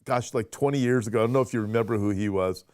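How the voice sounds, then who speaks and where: Man, pastor host, casual talk, mid pitch, dry close sound. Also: fast, a little mellow, clean tone, dry recording. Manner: conversational, restarts and fillers, reads viewer questions. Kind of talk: casual chat.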